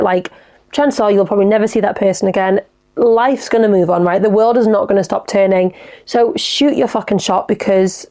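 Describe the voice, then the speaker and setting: Chatty sweary woman with gravelly fry. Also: medium pitch. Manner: chatty, frank, sweary, animated. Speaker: podcast host. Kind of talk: casual solo podcast chat, reading listener dilemmas.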